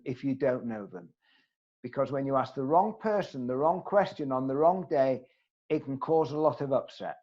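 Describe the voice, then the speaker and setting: A man's voice: a little high, lo-fi sound. A man giving a networking training session on a video call, speaking earnestly and putting questions straight to his audience. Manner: earnest, emphatic, asks the audience direct questions. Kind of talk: online training presentation.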